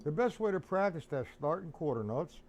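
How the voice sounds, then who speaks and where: A man's voice: on the high side, sing-song, fairly quick, loud music behind the voice. A man teaching rudiments on a live-streamed drum lesson, counting beats aloud and chatting with viewers by name. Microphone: streaming setup. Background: snare drum playing.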